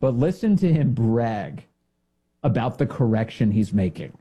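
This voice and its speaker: A man's voice: medium pitch, sing-song, a little slow, warm tone, slightly rough. A man hosting a political commentary show, talking in a sarcastic, mocking way and mimicking others in silly voices.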